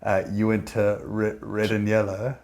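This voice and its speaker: A man's voice: on the low side, completely flat delivery, a little slow, a little mellow. A South African man hosting a book club interview, thoughtfully drawing out and building on his guest's stories. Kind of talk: conversational interview.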